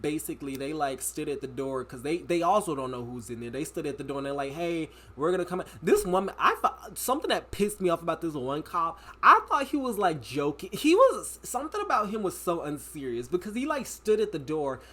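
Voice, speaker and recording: A man's voice: on the high side, big pitch swings, a little fast, hardly any pauses, fairly bright tone. A young man vlogging, telling a dramatic story in a casual, slangy way.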